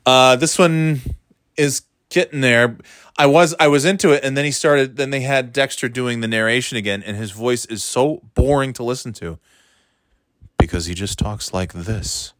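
A man's voice: medium pitch, normal speed, a bit bright, dry recording, clean studio sound. A man chatting casually on his own, rambling and wry, with a candid, offhand way of talking. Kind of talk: casual solo chat.

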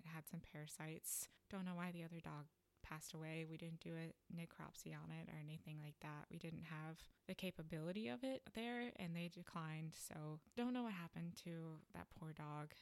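Lower-voiced woman telling a vet story. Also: no echo. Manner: chatty, with frequent "you know" fillers. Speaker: podcast host, vet tech. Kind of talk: casual storytelling monologue.

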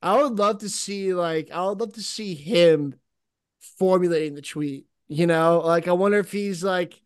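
High-voiced rambling man chatting. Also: moderate pace, smooth, no room sound, clean studio sound. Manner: rambling, many filler words and restarts, laughs often. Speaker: podcast co-host. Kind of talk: casual chat.

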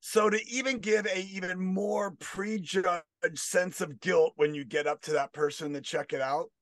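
A man doing a deadpan stand-up bit, wandering into rambling asides. His voice sits a bit high and sounds close and dry, with no room around it. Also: normal speed, dry recording. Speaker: comedian.

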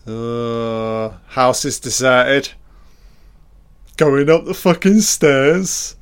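A man's voice: mid-range voice, smooth. A man giving a casual, crude running commentary on a film. He swears freely and is sardonic. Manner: mimics characters in mock voices.

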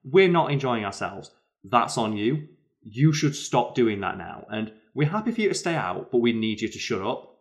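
A man voicing a patient but firm woman who calmly tells off a loud drunk. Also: on the low side, lightly acted. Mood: stern. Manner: firm, measured telling-off.

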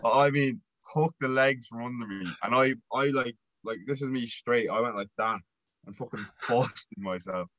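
A man's voice: medium pitch, normal speed, fairly bright tone, no echo, poor audio. Young Irish man telling stories. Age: young adult. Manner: laughs through stories, swears casually. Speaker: podcast host. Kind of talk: casual chat.

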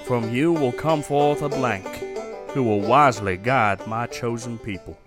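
A drawling Southern storyteller reading scripture out loud, put on by a man. He speaks at a middling pitch, and his phrasing is folksy and unhurried. The voice is louder than his everyday talk. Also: over music, close to an everyday voice. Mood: storytelling.

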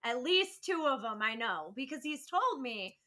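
A woman's voice: high-pitched, sing-song, normal speed, sharp tone. A young woman co-hosting a podcast, chatting casually and bluntly, swearing freely as she tells stories about her husband. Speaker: podcast co-host. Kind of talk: casual chat.

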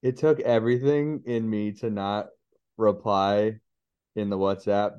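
A man's voice: on the low side, fairly even intonation, unhurried, smooth, lo-fi sound. A man co-hosting a podcast in casual chat, speaking frankly about his struggles as a parent. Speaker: podcast co-host.

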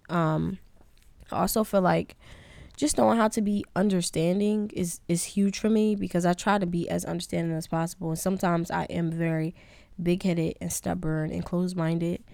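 A young woman with a slightly low voice talks alone in a candid, meandering way, owning up to her own faults. Her sound is dry and close, with no room around it. It feels like a casual podcast monologue. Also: moderate pace, gravelly, warm tone, no room sound. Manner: candid, rambling, self-critical. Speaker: podcast host.

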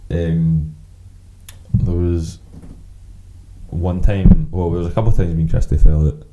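A man's voice: deep voice, steady tone, unhurried, muffled recording, noisy background. A Scottish man co-hosting a podcast, telling rambling, swear-laden anecdotes in casual chat and acting out both sides of the conversations. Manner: sweary, rambling anecdotes with quoted back-and-forth. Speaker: podcast co-host.

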